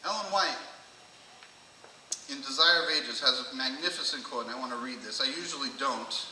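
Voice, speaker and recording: Man, pastor, lively sermon, ringing church echo, a bit off-mic, faint background noise. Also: medium pitch, moderate pace, distant mic. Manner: animated storyteller, shouts and acts out quotes. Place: church sanctuary. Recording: echoey church hall, preacher off-mic, faint room noise.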